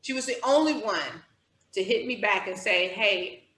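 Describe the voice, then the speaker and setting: Bright-voiced woman telling an animated story. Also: moderate pace, echoey room, low-quality recording. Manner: animated storytelling, acting out her own thoughts in higher voice. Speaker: guest. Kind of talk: storytelling in a podcast interview.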